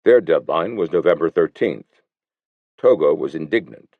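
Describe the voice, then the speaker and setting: Man narrating a history audiobook, really deep voice, lively delivery, a bit muffled. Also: normal speed, no room sound. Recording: slightly muffled dry recording.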